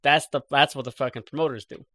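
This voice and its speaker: A man's voice: medium pitch, steady tone, fast, a bit bright, no echo, clean studio sound. A man co-hosting a podcast, explaining in casual talk with restarts and swearing. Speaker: podcast co-host.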